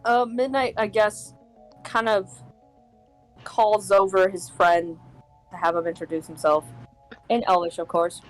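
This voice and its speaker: Woman, tabletop player, blunt, casual swearing, mid-pitched, faint music. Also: steady tone, measured pace, long pauses, rough recording. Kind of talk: casual role-play chat.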